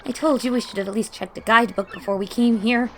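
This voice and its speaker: A woman's voice: fast talker, a little hiss or hum, close to an everyday voice. A woman voicing a trio of cold, complaining bomb sisters in a video game, reading their lines in a raised voice. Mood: whiny. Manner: complaining, higher voice. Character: chilly traveling bomb sisters, whiny and cold.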